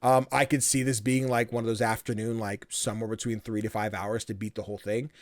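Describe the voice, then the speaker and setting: A man co-hosting a podcast, chatting casually in a rambling way with many fillers and quick acted-out bits of dialogue. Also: fairly low pitch, level tone, no echo, clean studio sound. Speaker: podcast co-host. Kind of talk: casual chat.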